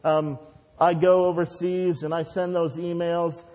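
A man's voice: a little high, little pitch movement, measured pace, a little mellow. A male pastor leading a fervent, repetitive prayer and then preaching a sermon in a conversational storytelling way, recorded in a church sanctuary. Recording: dull, reverberant church recording.

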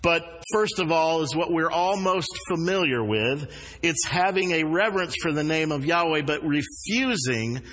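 Male pastor, sermon delivery, fairly high voice for a man, earnest, leans on key words; long reverb from the church hall. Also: animated, moderate pace, a bit bright. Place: church sanctuary.

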